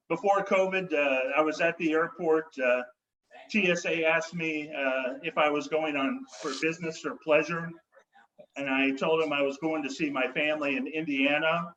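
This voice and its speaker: A man hosts a comedy night and tells his own jokes in a wry, halting way. His voice sits a little high. He comes through a video call, and the sound is dull and lo-fi. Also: fairly bright tone. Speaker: comedy show host.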